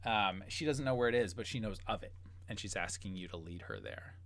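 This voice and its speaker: A man's voice: lowish voice, animated, fairly quick, vocal fry, a bit bright, no room sound. A man narrating as game master of a tabletop game, rambling through descriptions with many fillers.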